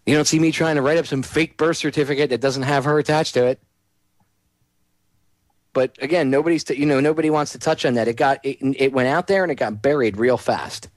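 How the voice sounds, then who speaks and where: Male talk radio host, fired-up sarcastic rant, mid-pitched voice, dry sound. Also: fairly quick, no room sound. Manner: heated, ranting, sarcastic.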